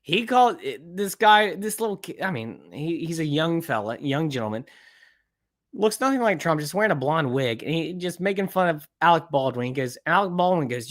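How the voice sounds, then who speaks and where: A man's voice: fairly high pitch, animated, normal speed, a bit bright. Ranting, profane male podcast host. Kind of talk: casual reaction chat.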